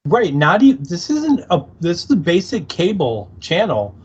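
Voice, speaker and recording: A man's voice: sits high, huge pitch swings, unhurried, muffled recording, a little hiss or hum. A man co-hosting a podcast, chatting in a laid-back, joking way about a TV episode and often trailing off mid-sentence. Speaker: podcast co-host. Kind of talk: casual chat recapping a TV episode.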